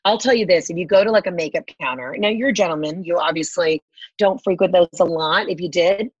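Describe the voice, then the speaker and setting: A woman's voice: on the low side, a little fast, husky, no room sound, dull audio. A woman on a casual podcast who tells profane, brash stories and acts out what people said. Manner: profane, brash storytelling with acted quotes.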